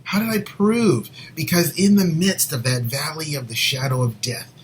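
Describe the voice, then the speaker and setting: A man co-hosting a Christian show, sharing a personal faith story in an earnest, rambling way and sometimes dropping to a soft near whisper. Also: fairly high pitch, moderate pace, slight background noise, rough recording. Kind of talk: personal faith testimony, casual chat.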